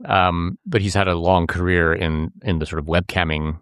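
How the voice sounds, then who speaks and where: A man, a reporter, talking in an interview in an earnest, halting way, often restarting his sentences. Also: low-pitched, steady tone, a bit bright, smooth, no echo, studio quality. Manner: earnest, halting, with frequent restarts and filler words. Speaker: reporter and podcast co-host, interview guest. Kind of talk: conversational interview.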